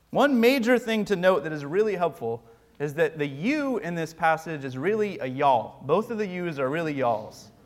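A man preaching a sermon, his clear in every line. His voice sits a bit higher than most men's. He pleads earnestly and slips in dry humor. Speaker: pastor.

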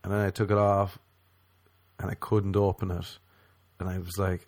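A man's voice: low voice, little pitch movement, moderate pace, a little mellow, no room sound. A man doing a profane stand-up rant, mocking and slipping into exaggerated voices. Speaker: comedian.

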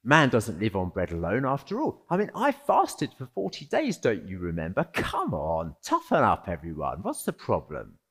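A brusque, chiding man brushes off a complaint, as a preacher puts him on. His voice swings from raised to low and gruff while he tells everyone to toughen up. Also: wildly swooping pitch, normal speed, few pauses, heavily acted. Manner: blunt, chiding. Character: brusque imagined adult male teacher, dismissive.

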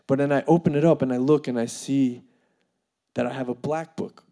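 A man telling a funny personal story in an animated way, full of fillers and laughing as he goes. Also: medium pitch, a little fast. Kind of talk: comedic storytelling.

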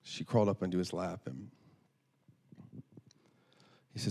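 A man's voice: fairly low pitch, fairly quick, pauses often, warm tone. A man preaching through a story, earnest, often restarting and repeating words. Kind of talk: storytelling sermon.

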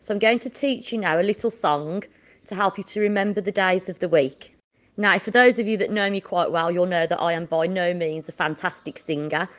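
A woman teaching children a Spanish lesson, slowly drawing out each word for them to repeat. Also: lowish voice, fairly bright tone. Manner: slow, drawn-out modelling of words for repetition.

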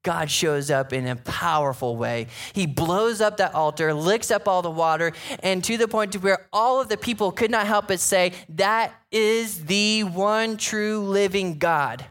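A high-voiced man delivers a sermon as a pastor, keeping it casual and conversational. He tosses in quick "right?" check-ins with the congregation and acts out scripture scenes with lively retellings. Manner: conversational preaching, frequent "right?" asides, animated retellings.

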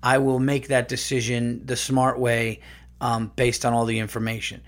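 A man's voice: medium pitch, monotone, moderate pace. A man hosting his podcast in a casual comedic monologue, ranting and swearing freely. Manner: profane, ranting. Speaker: podcast host.

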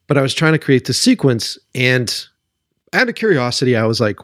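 A podcast host at mid pitch, worked up and swearing freely as he rants with a sarcastic edge. His voice jumps high and low with lively swings. The sound is dry and close, with no room around it. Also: fairly quick, gravelly, no echo. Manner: animated, profane, sarcastic, keeps asking "right?". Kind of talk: solo podcast rant.

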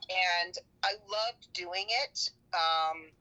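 A woman's voice: on the low side, fairly even intonation, drawn-out words, pushed and bright. A woman podcaster and writer chatting casually as a guest, laughing often, heard over a phone line.

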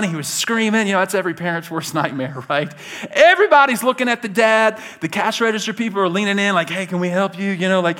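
A man preaching a sermon to his church, animated and conversational, laughing along with his stories and talking straight to the congregation. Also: sits high. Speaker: pastor.

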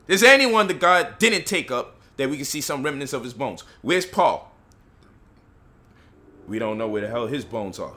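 A man lectures with fervor, his voice bright and forceful and sitting a little high for a man. He piles up rhetorical questions and mocks the people he quotes. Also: animated, fairly quick. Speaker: speaker leading a discussion. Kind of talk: impassioned lecture.

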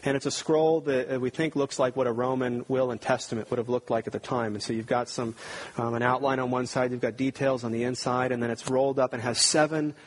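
A man's voice: mid-range voice, steady tone, a little fast, rough recording. A man preaching a sermon as pastor, talking conversationally with frequent restarts and building to emphatic readings of scripture.

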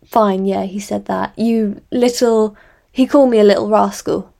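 A woman's voice: medium pitch, level tone, a little slow, warm tone, natural voice. A woman voicing a tired, bitter elder sister who speaks curtly. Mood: weary. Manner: tired, curt.

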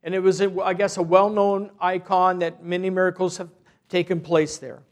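A man with a high voice preaching from the pulpit as a parish priest. He tells his story earnestly and unhurriedly, often stopping to restart a phrase. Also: flat delivery, normal speed. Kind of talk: sermon with a retold story.

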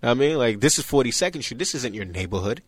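A man's voice: medium pitch, fast, no room sound. A young man, telling his story casually in an interview and acting out the voices of the people in it. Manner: animated, acts out quoted voices, frequent "you know what I'm saying". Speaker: interview guest.

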